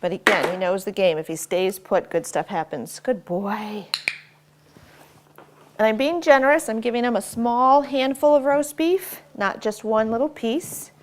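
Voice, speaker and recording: Working her dog through a training demonstration, a woman explains each command and showers him with warm praise in a bright, raised voice. Her voice is a little high and unhurried, and faint background noise and clicker clicks are audible.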